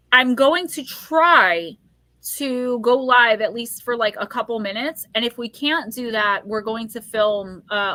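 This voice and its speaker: A woman in her forties hosting a casual live psychic stream, chatty and quick to laugh as she talks straight to her viewers. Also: medium pitch, sharp tone, no room sound. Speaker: psychic livestream host.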